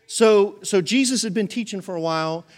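A male pastor preaching a sermon with humorous, animated storytelling. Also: sits high, moderate pace.

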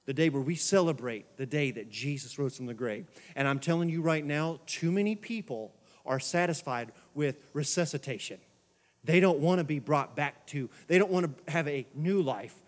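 A pastor preaching a sermon in a church, moving from soft, quiet asides to shouted exhortations. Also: male voice, fairly high pitch, in a large hall. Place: church sanctuary.

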